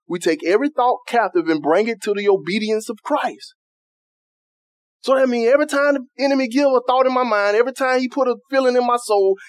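A man with a notably high voice delivers a sermon as pastor. He checks in with the congregation as he goes and softens to act out quoted prayers. The sound is close and dry. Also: no echo. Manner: call-and-response preaching, asks "are you with me?".

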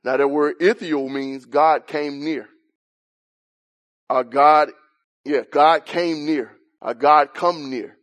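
Man preaching, sermon teaching, somewhat high voice, questioning, building intensity. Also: fairly even intonation, slow pace, fairly bright tone. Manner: explaining and questioning, rising intensity on key points.

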